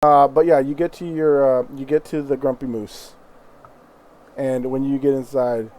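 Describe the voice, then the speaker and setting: A man's voice: mid-range voice, flat delivery, moderate pace, darkish tone, poor audio. A man narrating as game master, laughing often and slipping into voices for tavern folk.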